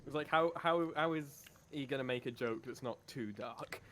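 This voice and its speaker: A man's voice: medium pitch, moderate pace, fairly bright tone. A man co-hosting a charity stream, talking playfully and casually. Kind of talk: casual chat.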